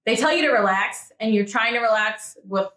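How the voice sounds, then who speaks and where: At a moderate pace, a woman with a slightly high, fairly bright voice chats as a guest in a casual interview; she's a fitness model. She laughs often and dramatizes brief quotes, and the echoey room is recorded with a distant mic.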